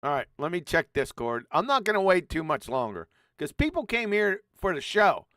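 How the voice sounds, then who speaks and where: An older man hosts a rowdy live stream, brash and bossy, trading insults freely. His pitch swings widely as he scolds his guests, and the sound is dry and close. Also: very animated, moderate pace, sharp tone, no room sound. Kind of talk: heated live stream banter.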